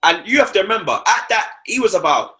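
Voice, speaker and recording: A man's voice: high voice, big pitch swings, a little fast, sharp tone. A young man, talking football on a casual podcast, slangy and repeating himself for emphasis.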